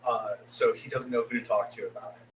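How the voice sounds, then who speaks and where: A man's voice: fairly low pitch, brisk, fairly bright tone, slight background noise, poor audio. A man co-hosting a podcast, giving a loose, profane recap of an anime episode and acting out the characters' lines as he goes. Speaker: podcast co-host.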